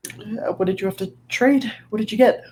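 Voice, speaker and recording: A woman's voice: medium pitch, normal speed, darkish tone, slight background noise, voice pushed up, close to an everyday voice. A woman voicing a curious adventurer who keeps asking questions, in a tabletop game. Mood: inquisitive. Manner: inquisitive, probing.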